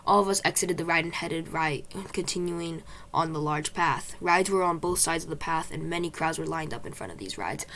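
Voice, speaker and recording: A woman narrating her own storybook in first person, in a lowish, gravelly voice. The delivery is plain with occasional restarts, and a faint hiss sits under the recording. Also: moderate pace, hardly any pauses, a bit bright. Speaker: author reading own book.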